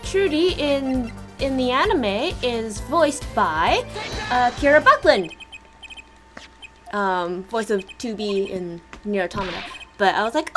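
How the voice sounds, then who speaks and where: A woman streaming a game and chatting casually, bubbly and quick, cooing now and then. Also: a little high, very animated, over music. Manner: bubbly, fast, coos at pets. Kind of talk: casual let's-play chat.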